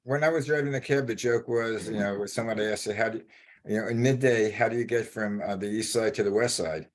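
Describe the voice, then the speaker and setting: An older man, a former cab driver, talking in a casual chat with halting, stammering speech. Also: on the low side.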